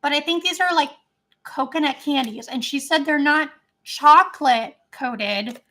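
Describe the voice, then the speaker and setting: A chatty woman with a high, light voice, talking fast and loosely on a home live stream. She rambles and giggles between thoughts, casual and unscripted. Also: sharp tone. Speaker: vlogger.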